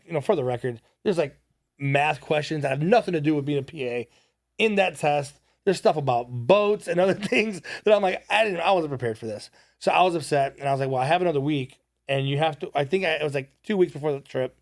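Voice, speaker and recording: A man's voice: a little high, gravelly, no echo, clean studio sound. A young man, a podcast guest, telling a story casually and animatedly, quoting people as he goes. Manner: animated, quotes people in his stories.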